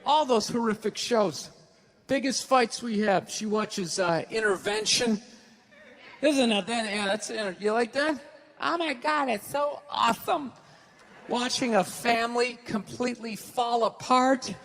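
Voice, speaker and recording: Male stand-up comedian, high voice, loud acted-out quotes, faint hiss on a live hall recording. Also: a little slow, gravelly. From United States. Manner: animated storytelling, loud bursts and acted-out quotes.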